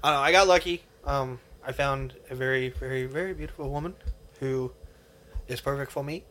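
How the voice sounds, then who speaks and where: Bright-voiced young man, rambling. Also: mid-range voice, a little fast, a little hiss or hum. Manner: earnest, rambling, filler-heavy. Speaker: podcast co-host. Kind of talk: casual chat.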